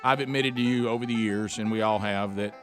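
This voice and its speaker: A man's voice: lowish voice, steady tone, music in the background. A man hosting a radio talk show, chatting casually with many restarts. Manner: chatty, stumbling restarts, quick laughs.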